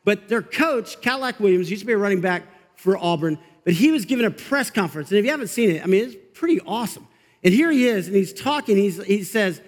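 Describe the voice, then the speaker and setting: A male pastor preaching an energetic, conversational sermon in a church, with quick asides to the congregation. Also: high voice, long reverb tail. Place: church sanctuary.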